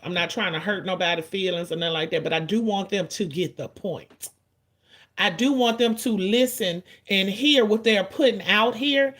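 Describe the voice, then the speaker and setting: A woman, giving casual, blunt and profane commentary in an animated storytelling way. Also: mid-range voice.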